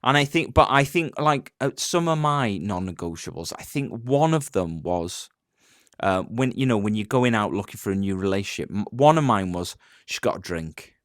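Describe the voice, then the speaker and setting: Rambling, animated man chatting casually. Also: on the low side, moderate pace, no echo, clean studio sound. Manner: rambling, self-interrupting, joking. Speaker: podcast co-host. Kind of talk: casual chat.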